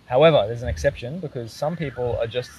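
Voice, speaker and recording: A man's voice: mid-range voice, fast, darkish tone, low-quality recording. A man, an archery coach hosting a casual live Q&A, explaining things step by step and joking around. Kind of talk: casual live-stream Q&A chat. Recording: clear background noise.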